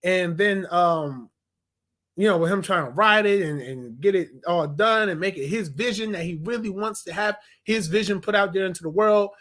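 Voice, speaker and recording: A young man in a casual review vlog, animated and slangy, laughing as he retells scenes. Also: high-pitched, normal speed. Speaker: TV episode reviewer.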